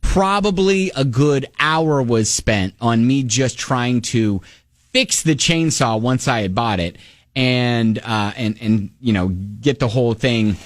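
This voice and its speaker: A man's voice: medium pitch, slow pace, dry recording, clean studio sound. A middle-aged man co-hosting a radio show, telling a self-mocking story and acting out his own lines in a casual chat.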